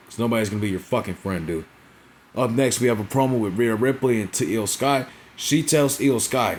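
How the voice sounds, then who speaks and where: A man's voice: lowish voice, a little hiss or hum. A young man casually recapping a wrestling show, rambling and profane, forever tagging on "right?" and "you know what I'm saying?".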